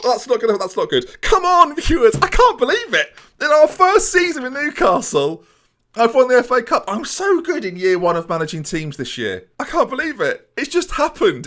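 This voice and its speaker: A young man commentating on his own football management game, excitable and talking to his viewers. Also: mid-range voice. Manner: excitable, mock-commentator, addresses viewers constantly. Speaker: gaming YouTuber.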